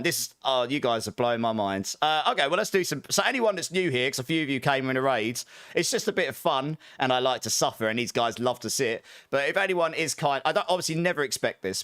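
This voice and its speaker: A man's voice: medium pitch, a bit bright, no echo, studio quality. A man chatting casually on a live stream, upbeat and jokey, laughing often and thanking viewers by name. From Britain.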